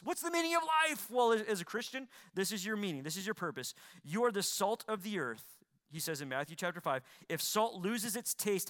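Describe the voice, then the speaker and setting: This high-voiced man preaches with a bright tone, lurching from loud, forceful declarations to soft pleas. As pastor, he repeats lines to drive them home and puts questions to the congregation.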